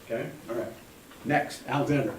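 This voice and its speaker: A man's voice: medium pitch, brisk. Guy teaching a class, patient and step by step, roomy echo, kinda far from the mic. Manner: patient, explains step by step, calls on students. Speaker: Hebrew teacher. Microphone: room mic from a distance. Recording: echoey classroom, recorded from afar, faint hum.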